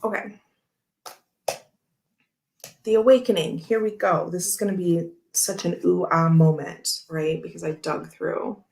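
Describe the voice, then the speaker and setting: A woman in her thirties hosts a casual tarot livestream with a somewhat low voice. She rambles through stories and readings in an easy, chatty way, laughing often as she goes. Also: fairly even intonation, normal speed, gravelly, few pauses, a little mellow. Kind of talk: casual chat while handling cards.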